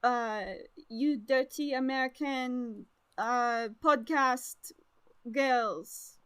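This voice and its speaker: A sneering fake French game studio staffer, as a woman puts him on. The voice sits high and drags out its mock laughter in a put-on French accent. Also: very slow, fairly bright tone, clear, resonant tone, no echo, exaggerated voice.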